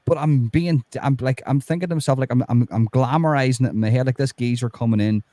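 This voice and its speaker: A man's voice: mid-range voice, quick pace, dark tone, no room sound. A man chatting heatedly about true crime, swearing often and restarting his sentences. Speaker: podcast co-host. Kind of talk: casual true-crime chat.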